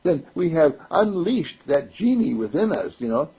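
Brief: man spiritual teacher, raspy gravelly voice, lively swooping delivery, chuckles, dull lo-fi tape. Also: on the high side, moderate pace. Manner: playful, chuckling, repeats affirmations. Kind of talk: informal sermon to a group. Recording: dull lo-fi recording.

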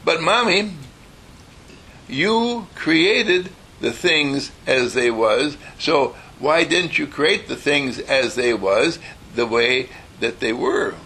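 A man's voice: on the high side, slow pace, vocal fry, sharp tone, a little hiss or hum, exaggerated voice. A man voicing a dreamy young girl who pleads with her mother, breathless and giggling as he talks. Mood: pleading.

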